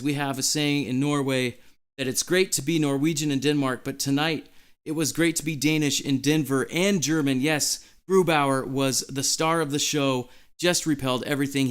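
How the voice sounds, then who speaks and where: A man hosting a live stream, giddy and out of breath, reading chat messages aloud in an excited chat. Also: medium pitch, moderate pace, clear, resonant tone.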